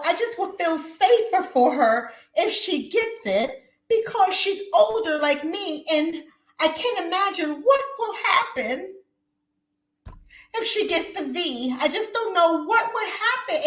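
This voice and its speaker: A woman voicing a worried older woman who speaks in a slow, high, fretful, pleading way. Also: exaggerated voice. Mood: anxious. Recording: roomy echo.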